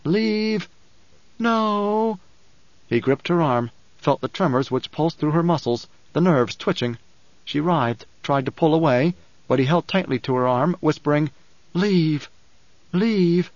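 A man narrating an audiobook in a measured, dramatic reading style. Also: mid-range voice, no room sound. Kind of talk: scripted narration. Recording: dull, dry recording.

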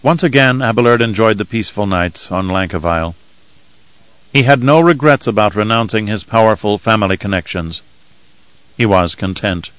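A man reading an audiobook in measured, even scripted narration. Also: on the low side, no room sound, rough recording.

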